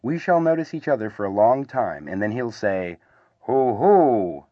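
A man voicing a kindly, slow-witted male teddy bear who thinks things out slowly. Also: medium pitch, very animated, no echo, muffled recording. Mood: encouraging.

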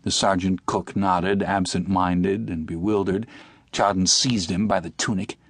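Low-voiced man reading an audiobook. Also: slightly rough, no echo, studio quality. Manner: measured, steady reading. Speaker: narrator. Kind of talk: audiobook narration.

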